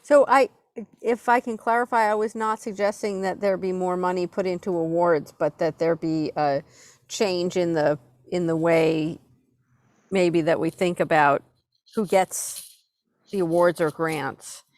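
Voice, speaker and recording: A woman's voice: lowish voice, steady tone, unhurried, a little mellow, no room sound. A woman joining a board meeting by call, carefully clarifying her point. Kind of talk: meeting discussion. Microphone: phone or video call.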